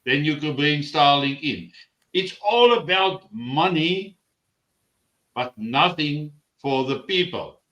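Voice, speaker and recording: A man hosts a live discussion, working through long questions at an unhurried pace. He sometimes pauses to search for a word. His voice is bright and sits at a middle pitch, and the video-call audio carries the echo of a roomy space. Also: lively intonation. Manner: slow, searching for words. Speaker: host of a live discussion show. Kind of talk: interviewer asking long questions.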